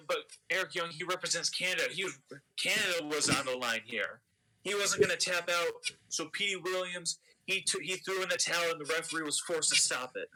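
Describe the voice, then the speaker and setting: Dude chatting over a wrestling sim, super bright voice a bit high, swears a lot, keeps restarting. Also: male voice, low-quality recording. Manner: loose, profane, restarts mid-sentence. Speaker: let's play co-host. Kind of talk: casual gaming commentary.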